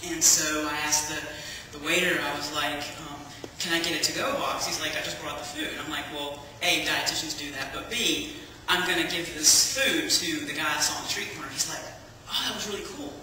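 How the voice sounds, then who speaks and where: A woman giving a personal testimony as a lively storyteller, acting out the dialogue and laughing often. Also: deep voice, fairly quick, few pauses, slight background noise. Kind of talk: personal testimony to a church audience. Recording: echoey hall, from far off.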